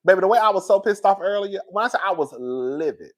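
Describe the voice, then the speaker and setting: A woman talking casually to her viewers on a live stream, reading their comments and getting loud and excited when she is worked up. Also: fast. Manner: animated, swings high and loud when worked up.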